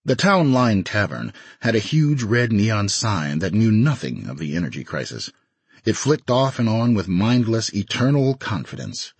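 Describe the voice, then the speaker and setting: Husky guy reading a novel out loud, kinda low voice, lively delivery, totally dry recording. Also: moderate pace, no echo. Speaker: audiobook narrator. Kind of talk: scripted narration.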